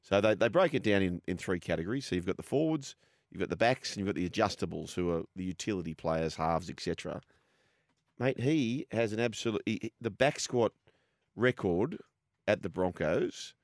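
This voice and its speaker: A man's voice: low-pitched, expressive, a little fast, no room sound, clean studio sound. An Australian man co-hosting a sports radio show, chatting casually and reading ad copy. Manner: chatty, reads ad copy between banter.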